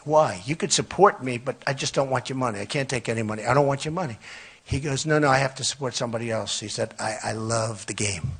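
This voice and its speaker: A man's voice: mid-range voice, fast, creaky, fairly bright tone, breathy edge. An older man giving a rambling, repetitive campaign rally speech from a podium microphone, boasting in a conversational way. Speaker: political candidate. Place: outdoor or hall rally.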